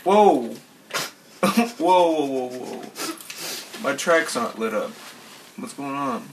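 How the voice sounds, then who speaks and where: A man's voice: mid-range voice, animated, slow pace. A man co-hosting a podcast in casual joking chat, teasing and often breaking into giggles. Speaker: podcast co-host. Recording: distant mic with clear noise.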